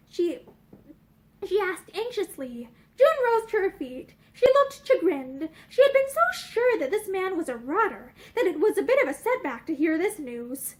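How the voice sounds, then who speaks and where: A young woman reading a novel aloud with expressive storytelling narration. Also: very high voice, moderate pace. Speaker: reader. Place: indoor room with bookshelves.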